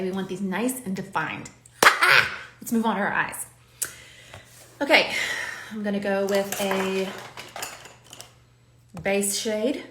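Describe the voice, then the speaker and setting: Woman host, encouraging makeup-tutorial chatter, middle pitch, roomy echo on the recording. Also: a bit bright, slight background noise. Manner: chatty and encouraging, coaching the viewer. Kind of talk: talking while doing her makeup on camera.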